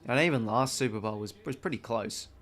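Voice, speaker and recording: Brisk and fairly bright in tone, this mid-range Australian voice belongs to a young adult man running a live watch-along stream. He rambles and swears freely, calling the play and filling the gaps between passages with chat.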